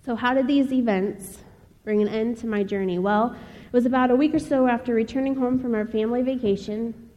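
A young woman from Ohio giving a personal testimony speech, telling her story in an earnest, measured way with pauses. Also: a little high, steady tone, warm tone. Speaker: speaker. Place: chapel. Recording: long reverb of a large hall.

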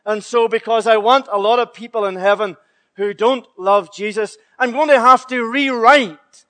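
Preacher playing God, man, high-ish voice, confiding, matter-of-fact. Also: normal speed, bright, forceful tone. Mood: dismissive. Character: God, male, revising scripture, dismissive.

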